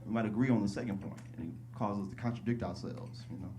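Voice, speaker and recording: A male stand-up comedian telling stories casually on a club stage, slipping into high-pitched voices when he quotes people. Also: fast, dark tone, slight background noise. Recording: live club recording with audience laughter.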